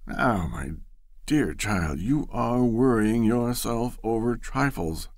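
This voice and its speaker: A man reading a storybook aloud, voicing an earnest gentleman who speaks firmly and soothingly. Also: mid-range voice, expressive, takes it slowly, dry recording, clean studio sound. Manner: firm, soothing. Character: grave, earnest older gentleman suitor.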